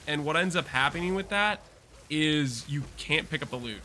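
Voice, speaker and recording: A man's voice: a little high, animated, normal speed, bright, forceful tone, a little hiss or hum. A man casually talking through a game build guide while playing, chatty and explanatory, with loose restarts. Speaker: gaming content creator.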